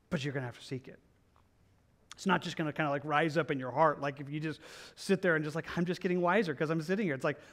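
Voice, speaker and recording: A man with a slightly high voice preaches through a Bible passage. He talks in an earnest, conversational way, restarting and repeating phrases as he pleads with his listeners. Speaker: pastor. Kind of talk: verse-by-verse Bible teaching.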